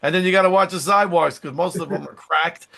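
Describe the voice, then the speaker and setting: A man who sings and acts, telling chatty, animated anecdotes in a casual interview. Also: high-pitched, fast talker, gravelly. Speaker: singer, songwriter and screen actor.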